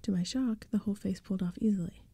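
Woman in a gravelly whispered role-play. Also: mid-range voice, fast talker, no room sound. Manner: soft, breathy whispered reading. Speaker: ASMR storyteller.

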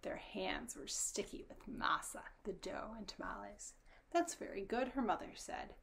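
A woman reading a children's storybook aloud, her narration soft and often dropping to a whisper. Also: medium pitch, a little slow, creaky.

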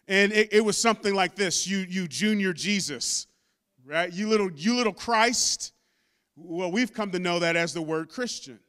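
A man pastor preaching a sermon with impassioned delivery that climbs into shouts. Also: sits high, clear, resonant tone. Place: church sanctuary.

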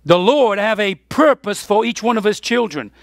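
A man's voice: sits high, lively intonation, normal speed, gravelly, dry recording, studio quality. A man preaching a sermon as pastor, emphatic, with his voice rising on the key points.

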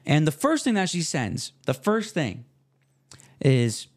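A young man hosting his own podcast, talking casually in a rambling, self-deprecating way with slang and restarts, relaxed after smoking. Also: on the high side, slow. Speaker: podcast host. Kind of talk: casual solo podcast monologue.

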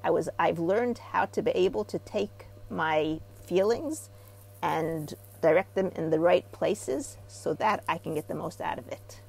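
A middle-aged woman from Israel, a therapy practitioner talking as an interview guest. She tells stories with animation and gets loud when she acts out what people say. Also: fairly low pitch, unhurried, vocal fry, husky, low-quality recording. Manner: animated storyteller, rising loud when acting out quotes. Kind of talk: casual interview talk.

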